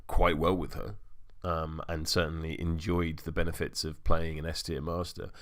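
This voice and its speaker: A low-pitched man with a gravelly, creaky voice hosts a relaxed gaming chat from home. He talks with dry, self-mocking humor. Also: normal speed. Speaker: podcast host.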